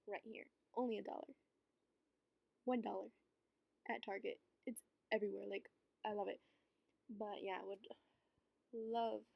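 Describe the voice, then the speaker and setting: A woman's voice: mid-range voice, gravelly, lo-fi sound. A young woman chatting casually as she talks through her makeup routine, her speech full of "like" and loose asides. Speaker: beauty vlogger. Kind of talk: casual makeup voice-over chat.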